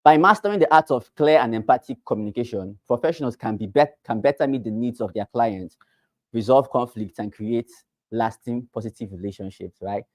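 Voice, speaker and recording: A man's voice: medium pitch, fairly quick, no echo. A Nigerian man teaching a class for realtors, repeating key phrases and quizzing the listeners with rhetorical questions. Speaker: real estate trainer.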